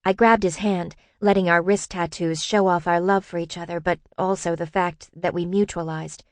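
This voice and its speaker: A woman narrating a first-person audiobook in a lively, expressive reading. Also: on the low side, normal speed, no room sound.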